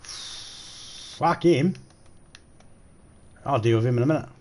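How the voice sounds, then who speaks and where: An Australian man commentating a live game stream in a crude, joking way, trash-talking enemies, his voice still rough after losing it recently. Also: mid-range voice, slow, darkish tone.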